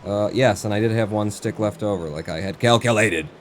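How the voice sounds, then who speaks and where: A man's voice: on the low side, fairly quick, slight background noise. A man streaming a video game, chatting casually and muttering to himself as he plays, with the odd swear word. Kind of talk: casual gameplay commentary.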